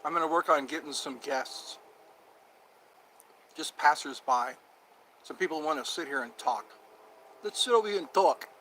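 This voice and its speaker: A man talking casually on his own vlog, with a voice sitting somewhat high for a man. He jokes around, slips into a mock tough-guy delivery and laughs at his own lines, over a faint hiss behind him. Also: moderate pace, pauses often, pushed and bright, rough recording. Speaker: vlogger.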